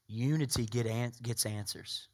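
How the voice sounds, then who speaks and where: A man voicing the devil as a scheming figure, muttering warnings to himself in a low, hushed tone during a sermon. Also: unhurried.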